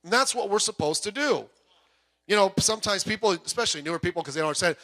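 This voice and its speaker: A man delivers a sermon from the pulpit of a church, speaking through the sanctuary speakers. He talks conversationally, breaking off into asides and personal anecdotes. His voice sits high and sounds bright and forward. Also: animated, fast talker. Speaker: pastor. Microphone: PA microphone heard through speakers.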